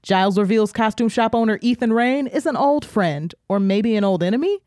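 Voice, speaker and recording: A woman's voice: fairly high pitch, lively intonation, brisk, a little mellow, no echo. Joking, foul-mouthed woman podcaster, dry sound. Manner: crude, joking, profane. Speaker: podcast co-host. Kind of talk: casual chat and episode recap.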